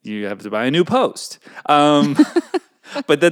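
A man's voice: on the high side, big pitch swings, takes it slowly. A man co-hosting a podcast in a casual, rambling way, laughing often and slipping into goofy voices. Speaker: podcast co-host. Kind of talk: casual chat.

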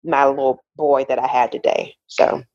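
A woman in her forties, a podcast guest, telling a personal story in a lively way and acting out the voices of the people in it. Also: very deep voice, normal speed, dry recording, lo-fi sound. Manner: animated storyteller, acts out quoted voices, laughs often. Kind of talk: casual interview storytelling.

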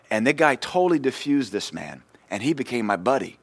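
A male pastor, preaching a sermon and telling a personal story in a lively way, swinging between loud and quiet. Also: medium pitch, fairly quick, hardly any pauses.

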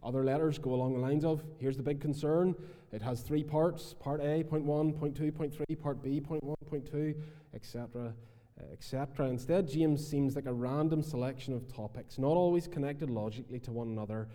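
A minister from Northern Ireland preaches in an easygoing, conversational manner, often filling pauses with "uh." His mid-range voice is very dark and mellow with fairly even intonation. A long church-hall reverb trails after each phrase.

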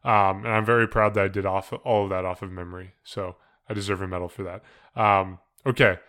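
A man with a fairly low voice hosts a casual sports talk show. He is chatty and breaks into laughter often as he goes through the news. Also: flat delivery, a little fast, fairly bright tone, smooth. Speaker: podcast host.

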